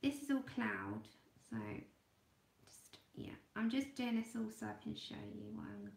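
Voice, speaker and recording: Woman, livestream host, casual chatter, thinks aloud, slightly high voice, echoey room. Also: measured pace, vocal fry. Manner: chatty, thinking aloud, trails off into quiet murmurs. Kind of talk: casual livestream chat while drawing.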